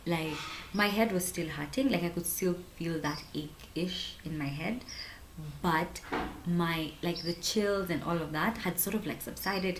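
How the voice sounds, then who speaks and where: A young woman in her twenties with a Kenyan accent, telling a personal story to camera in a chatty, animated way. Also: fairly low pitch, a little hiss or hum. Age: 20s. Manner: chatty, animated, full of "like" and "honestly". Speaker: vlogger. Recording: roomy echo.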